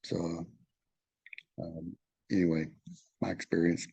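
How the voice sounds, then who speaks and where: A Texan man, middle-aged, speaks to a study group in a lowish voice, recorded dry and close with no room around him. He moves between reading passages aloud and telling his own story. He talks candidly and haltingly, with plenty of fillers and restarts. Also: monotone, gravelly, warm tone, breathy edge, no echo. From Texas. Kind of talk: study talk, reading aloud and personal sharing.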